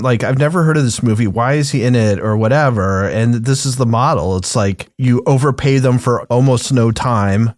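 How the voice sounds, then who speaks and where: A man's voice: medium pitch, a little mellow, no echo. Musing man, podcast co-host, dry close sound. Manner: musing, rambling. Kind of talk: casual podcast chat.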